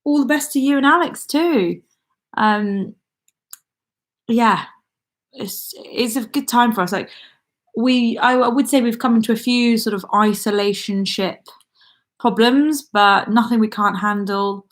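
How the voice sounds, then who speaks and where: A woman's voice: fairly high pitch, a little slow. A young woman chatting casually on her livestream, reading out viewer comments and rambling with frequent ums and little laughs. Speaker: YouTuber hosting a livestream. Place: indoors at home with a laptop.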